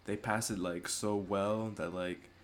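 A man's voice: on the low side, steady tone, unhurried, a little hiss or hum. A man hosting a casual podcast chat, talking in a loose, rambling way and laughing often. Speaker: podcast host.

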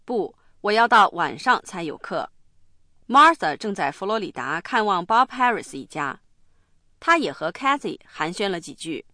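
A woman hosting a language lesson, explaining clearly and instructively. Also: medium pitch, very animated, moderate pace, bright, forceful tone, no room sound, studio quality.

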